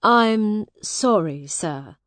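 A woman voicing a gentle weary soldier. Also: mid-range voice, lively intonation, extremely slow, no echo. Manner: gentle and patient. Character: kind weary young soldier man. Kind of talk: storybook reading.

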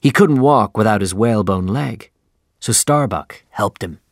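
A man reading a story aloud in a measured, plain storytelling manner. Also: fairly low pitch, expressive, dry recording, studio quality. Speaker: narrator. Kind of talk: scripted audiobook narration.

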